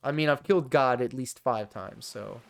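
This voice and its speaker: A man's voice: medium pitch, moderate pace, gravelly, rough recording. A man streaming a game, reading story text aloud and cracking profane jokes in casual commentary.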